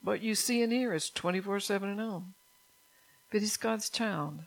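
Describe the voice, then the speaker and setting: Older woman, church speaker, gravelly voice, earnest conversational sermon, repeats phrases. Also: medium pitch, normal speed, poor audio. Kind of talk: sermon mixed with personal testimony.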